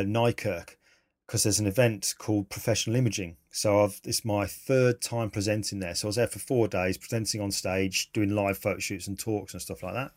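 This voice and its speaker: A man, a photographer telling animated, enthusiastic stories in a casual interview. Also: lowish voice. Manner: animated, enthusiastic, laughs mid-story.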